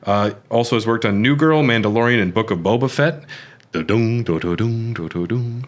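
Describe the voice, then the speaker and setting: A man's voice: mid-range voice, fairly quick. A man co-hosting a podcast, talking casually about a film with many fillers and restarts. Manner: relaxed, hesitant, lots of fillers and restarts. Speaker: podcast co-host.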